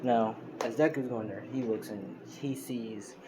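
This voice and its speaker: A man's voice: medium pitch, measured pace. Guy rambling thru a fan story on his phone, lots of um and like, noisy mic. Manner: rambling, many fillers and restarts. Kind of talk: casual fan story retelling. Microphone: phone screen recorder.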